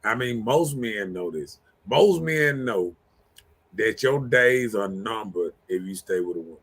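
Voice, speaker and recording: Slow-talking host with a bright voice. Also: male voice, lowish voice, expressive, slightly rough. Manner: laid-back, joking, drawn-out talk. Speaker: show host. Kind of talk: casual live-stream chat.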